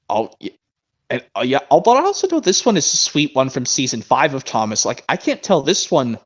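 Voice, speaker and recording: A man's voice: mid-range voice, big pitch swings, brisk. A young man streaming in casual chat, rambling and hesitant as he searches for his words. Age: young adult. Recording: dull lo-fi stream mic.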